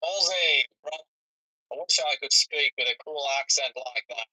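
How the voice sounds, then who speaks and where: A man joking and teasing others with quick questions in a casual group voice chat. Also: medium pitch, fairly even intonation, pushed and bright, husky, no echo, rough recording.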